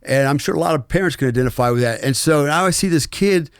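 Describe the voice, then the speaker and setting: A man's voice: on the high side, fast, smooth, no echo. Middle-aged American man, ex-soldier guest, candid rambling storyteller, dry close mic. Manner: frank, rambling, many fillers and restarts. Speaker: former special forces soldier, podcast guest. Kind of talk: storytelling in a conversational interview.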